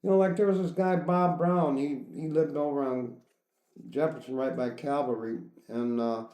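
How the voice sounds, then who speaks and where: A man's voice: on the high side, steady tone, normal speed, dark tone. A middle-aged man hosting a casual podcast, blunt and profane, laughing often. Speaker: podcast host. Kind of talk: casual crude chat. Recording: echoey room.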